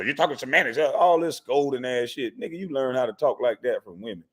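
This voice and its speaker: A male host of a live call-in stream talks back to his callers in a blunt, profane, heated way. His pitch sits in an ordinary middle range. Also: lively intonation, a little fast, hardly any pauses.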